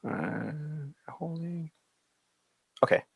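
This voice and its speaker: A man in his forties, an airline pilot, hosting an aviation podcast, chatting and reading the show intro, lively and playful. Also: fairly high pitch, very slow, creaky, breathy edge, dry recording. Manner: animated storyteller, puts on funny voices for quotes. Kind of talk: casual chat and scripted show intro.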